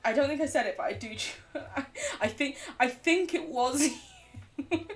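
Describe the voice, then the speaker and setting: An English woman chatting casually while streaming a game, animated, laughing often and swearing freely. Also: sits high, moderate pace, distant mic. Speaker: livestreamer. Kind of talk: casual chat while gaming.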